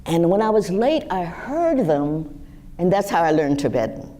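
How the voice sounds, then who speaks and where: A woman in her sixties telling personal stories to a live audience in a lively, animated way. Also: moderate pace. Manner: lively, animated storytelling with wide pitch swings. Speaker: guest speaker. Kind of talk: storytelling talk to a live audience.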